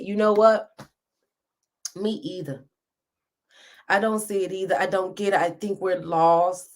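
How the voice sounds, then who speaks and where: Speaking at medium pitch in an unhurried, slightly mellow voice with long pauses, a woman hosts a live stream and reads viewers' comments. Her emotional commentary turns impassioned and preachy, and she sounds near tears.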